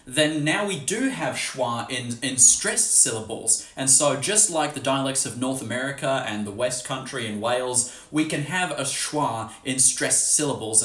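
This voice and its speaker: A man's voice: mid-range voice, a bit bright, echoey room. A man with an Australian accent giving a casual, chatty lesson on accents, swearing offhandedly and demonstrating vowel sounds. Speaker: language teacher.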